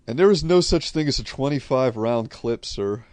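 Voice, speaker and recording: A man's voice: medium pitch, expressive, normal speed, a little mellow, dry recording. Blunt, swearing New England man. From Connecticut, USA. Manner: profane, blunt, rambling. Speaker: streamer answering viewer questions. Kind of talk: casual unscripted chat.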